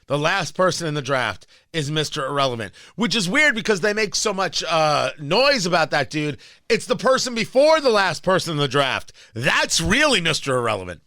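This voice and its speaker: Animated, high-voiced talk radio host. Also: male voice, normal speed, dry recording. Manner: animated, opinionated, self-amused, frequent restarts.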